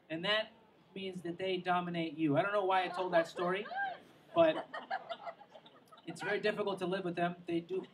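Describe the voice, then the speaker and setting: A man with a high voice performs a stand-up set at an outdoor show by the water. He rambles and pokes fun at himself, trailing off into asides. The recording picks him up from a distance, with a faint wash of noise behind him. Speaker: stand-up comedian.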